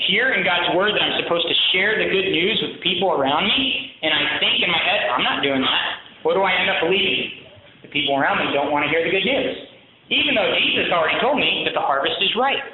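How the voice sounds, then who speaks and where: A man's voice: high voice, lively intonation, brisk, noisy background. A man giving a sermon as a pastor, talking in an earnest, conversational way and often checking in with listeners. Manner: conversational, earnest, frequent "right?" asides. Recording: very echoey, thin phone-like sound.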